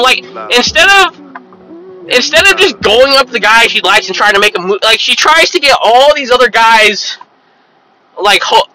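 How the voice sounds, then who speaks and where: A man's voice: very high voice, pushed and bright, poor audio. A young man ranting casually and rambling, with lots of swearing and "you know what I mean" as he talks. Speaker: vlogger. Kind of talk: casual rant to camera.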